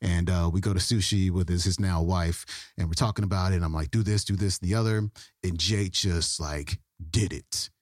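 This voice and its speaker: A man, the podcast host, wrapping up the episode in a relaxed, chatty, upbeat way. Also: sits low, moderate pace, no echo, clean studio sound. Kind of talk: casual show outro.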